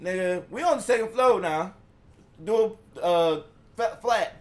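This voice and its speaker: Guest storyteller: man, high-pitched voice, animated, profane, casual live-stream telling. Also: unhurried. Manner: animated, acts out quotes, profane.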